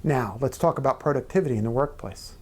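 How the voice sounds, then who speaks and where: This middle-aged guest speaker talks quickly in a mid-range, husky, slightly mellow voice. In an onstage conversation at a small members' club event room, he recounts personal stories earnestly, occasionally lowering to a near-whisper.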